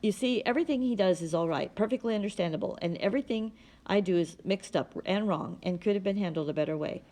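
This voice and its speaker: A woman's voice: mid-range voice, quick pace, a little mellow, lightly acted. A woman reading the lines of a bitter, rigid middle-aged mother in a clipped, cold way.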